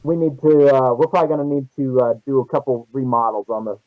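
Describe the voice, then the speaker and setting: A man's voice: medium pitch, quick pace, dry recording, narrow, tinny audio. A man playing a tabletop role-playing game, casually thinking aloud about his group's plans. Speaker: player.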